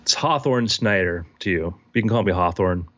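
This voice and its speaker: A man in a tabletop role-play voicing a reclusive, wealthy man in his sixties who speaks in a measured, quietly unsettling way. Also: sits low, pitched below the performer's own voice. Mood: self-assured. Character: reclusive wealthy older man, calm and creepy. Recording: slightly dull lo-fi podcast audio.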